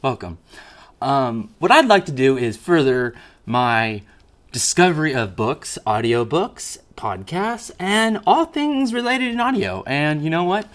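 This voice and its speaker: A man's voice: fairly high pitch, very animated, measured pace. A man hosting a solo podcast from a garage, rambling and self-mocking, with jokes. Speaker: podcast host. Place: garage at home. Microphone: old-fashioned recorder.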